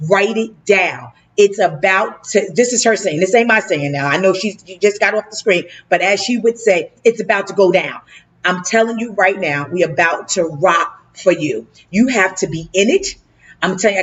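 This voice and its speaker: Hyped slangy woman host. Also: medium pitch. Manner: hyped, slangy, fast-talking. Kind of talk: casual hosted talk show.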